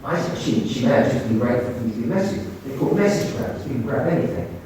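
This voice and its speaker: A man telling lively anecdotes to an audience, often repeating and restarting his phrases. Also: medium pitch, quick pace, a little hiss or hum. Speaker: speaker at a talk on mediumship. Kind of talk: anecdotal storytelling talk. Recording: echoey hall from far off.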